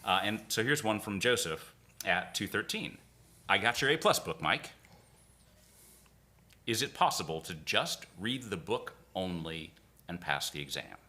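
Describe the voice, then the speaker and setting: A man with a low but bright, forward voice, co-hosting a casual live stream. He reads out viewer questions and trades wry, teasing jokes. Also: animated, unhurried, long pauses. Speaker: co-host reading chat questions.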